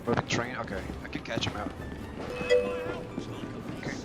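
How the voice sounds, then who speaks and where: Man, heavy Spanish accent, casual streamer chat, restarts while thinking aloud, clear game music behind. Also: mid-range voice, fairly even intonation, moderate pace, rough recording. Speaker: gaming streamer.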